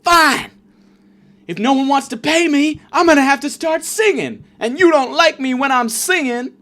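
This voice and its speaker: A man doing a whiny, shrill train panhandler. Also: normal speed, sharp tone. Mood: whiny pleading. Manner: whiny, pleading, then threatening. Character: desperate pushy male train panhandler.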